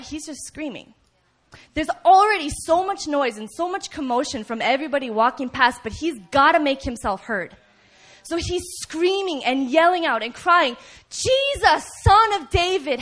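A woman delivers a sermon in a lively, conversational voice that sits a little high. She tells the story with plenty of "right?" asides and acts out the characters' cries. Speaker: preacher.

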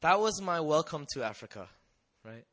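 Bright-voiced man sharing a lively testimony. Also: a little high, normal speed. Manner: conversational, animated storytelling with frequent rhetorical questions. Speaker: missionary speaker. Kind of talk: testimony talk to an audience.

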